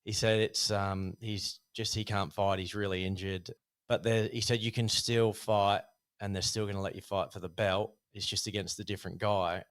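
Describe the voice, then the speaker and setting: A man, a guest telling a casual, animated story about his boxing past with many fillers. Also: lowish voice, moderate pace, clear, resonant tone. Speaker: podcast guest, former Thai boxer.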